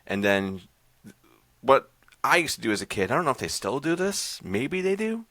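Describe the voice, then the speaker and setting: A man's voice: medium pitch, very animated, moderate pace, sharp tone, no echo. A man hosting a podcast, casually recapping a horror short film in a rambling, loose way full of fillers. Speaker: podcast host reviewing horror short films.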